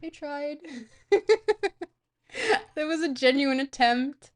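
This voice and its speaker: A young woman streamer with a mid-range voice chats casually with her live audience, speaking a little slowly. She rambles as she reads out viewer questions and answers them.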